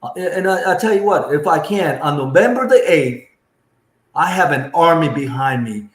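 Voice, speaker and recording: A man's voice: a little high, expressive, normal speed. A man speaking as a school board candidate and guest, giving a fervent, emphatic campaign speech that repeats phrases for punch. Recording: echoey room sound.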